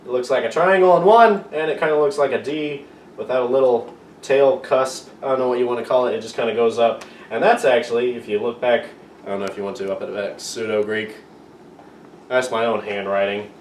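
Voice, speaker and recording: This amateur video teacher talks a little fast in a mid-range voice, giving a playful, self-deprecating lesson that wanders. The young man sits far back from the mic in an echoey space with slight room noise.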